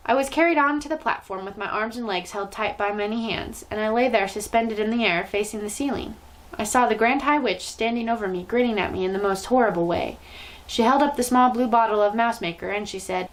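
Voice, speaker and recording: Storytime reader: a woman with a slightly high voice, telling a children's book with drama. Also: fairly quick, rough recording. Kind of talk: reading a children's novel aloud.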